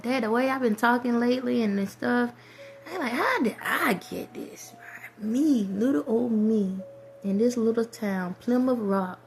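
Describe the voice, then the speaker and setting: Soft-spoken reflective woman vlogger. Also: fairly high pitch, slight background noise. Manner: reflective, rambling, soft-spoken, trails off into whispers. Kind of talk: casual spiritual monologue.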